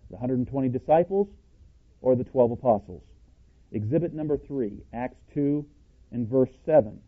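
A plain-spoken, self-described cowboy preacher teaching from scripture in a mid-pitched voice. He is emphatic and keeps quizzing his listeners with rhetorical questions. The sound is thin and tinny, like a phone line. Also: lively intonation, normal speed. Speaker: Bible teacher. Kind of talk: scripture-based sermon teaching.

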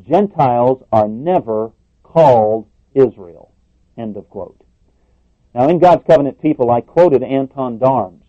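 A man's voice: medium pitch, no room sound. Male preacher, emphatic sermon delivery, dull lo-fi sound. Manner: emphatic, repeats words, rises on questions. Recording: muffled dry lo-fi recording.

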